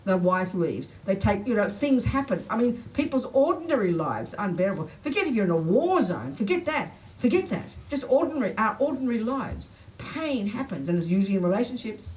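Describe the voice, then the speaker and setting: An older woman teaching a public Buddhist talk, blunt and emphatic, pitch swinging up when she makes a point. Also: very animated, a little fast, hardly any pauses, a little mellow, distant mic, low-quality recording. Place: talk venue. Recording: faint noise, voice a bit off-mic.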